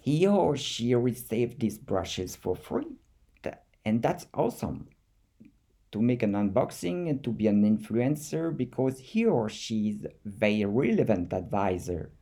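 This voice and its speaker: Slow, mellow man with a French accent. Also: fairly low pitch, sing-song. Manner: thoughtful, halting, repeats words while searching for them. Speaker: artist vlogger. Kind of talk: reflective monologue to camera.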